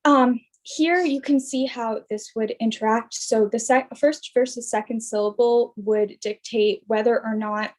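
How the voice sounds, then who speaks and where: Young woman presenting research over a video call, a bit high, lots of "um"s. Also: fairly even intonation, unhurried, few pauses, a little mellow. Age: young adult. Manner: explanatory, with frequent fillers and restarts. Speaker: student presenter. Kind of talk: academic presentation.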